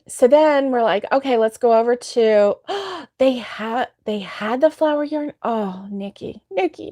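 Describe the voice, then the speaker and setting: Slow, giggly woman chatting with viewers. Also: medium pitch, no room sound, studio quality. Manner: giggly, chatty storytelling, laughs often. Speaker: crochet livestream host. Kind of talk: casual chat with viewers.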